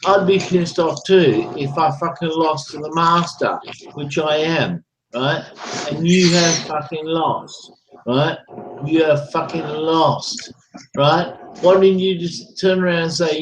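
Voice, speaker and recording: Give me a man slowly taunting a rival in a chat room, profane and gloating, with a faint hiss behind him. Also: on the high side. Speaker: online voice chat room user. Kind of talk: angry taunting rant.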